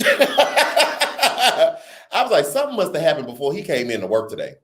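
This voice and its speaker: Guy on a livestream reading chat, lively up and down voice, slangy and laughing. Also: high-pitched, normal speed. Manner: animated, laughing, slangy, reads viewer comments aloud. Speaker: livestream host. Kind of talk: casual live commentary reading chat.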